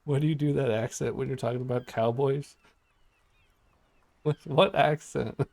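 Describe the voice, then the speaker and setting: A man's voice: medium pitch, steady tone, normal speed, gravelly, darkish tone. A young man giving chatty, giggly commentary while streaming a game and reading choices aloud. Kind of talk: casual gaming commentary.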